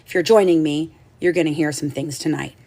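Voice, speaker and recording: A woman's voice: sits low, steady tone, fairly quick, dark tone. A woman hosting a live stream who speaks in an agitated, swearing way, her voice tight with anger. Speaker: livestream host. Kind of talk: live-stream talk to chat.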